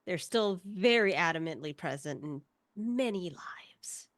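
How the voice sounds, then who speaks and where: A woman's voice: fairly low pitch, expressive, unhurried, no echo, clean studio sound. A woman voicing a wry young adventurer in a tabletop game, speaking in an understated way.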